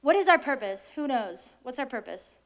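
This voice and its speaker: Addressing a group of high schoolers, this young woman delivers an energetic talk on faith at a moderate pace, questioning her listeners and performing quoted voices.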